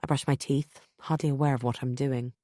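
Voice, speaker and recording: A woman narrating a first-person thriller audiobook in a measured, tense way. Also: extremely low pitch, steady tone, dark tone, dry recording, studio quality.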